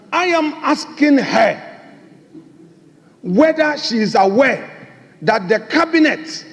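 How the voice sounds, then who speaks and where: A man, the minority leader, pressing his case in a parliamentary debate and repeating his points insistently. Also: extremely high pitch. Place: large parliament chamber. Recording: chamber mic with long hall reverb.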